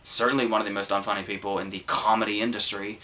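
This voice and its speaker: A man's voice: lowish voice, level tone, fast, pushed and bright. A man hosting a movie review podcast, talking casually and rambling, with many ums, restarts and curse words.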